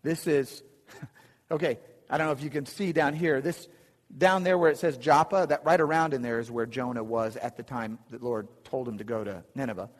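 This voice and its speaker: A man with a mid-range voice delivers a conversational sermon from slides at normal speed, chuckling in asides and often restarting his sentences. The recording carries the long reverb of a hall.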